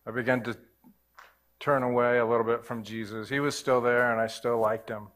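A man's voice: mid-range voice, flat delivery, brisk, fairly bright tone. A man preaching a sermon, telling his own faith story in a casual, earnest way. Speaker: pastor. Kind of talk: sermon testimony.

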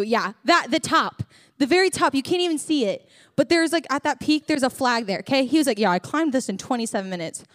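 A young woman with a fairly high voice gives a sermon that sounds like a story told among friends. She jokes, stays chatty and keeps turning to the congregation directly. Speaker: church speaker. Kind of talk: humorous sermon testimony.

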